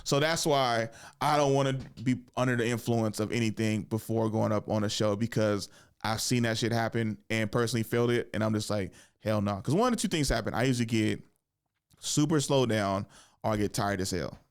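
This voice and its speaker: Animated young man telling stories. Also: fairly low pitch, fairly quick, clear, resonant tone. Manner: animated storyteller, swears a lot, acts out voices. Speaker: podcast host and stand-up comedian. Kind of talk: casual storytelling chat.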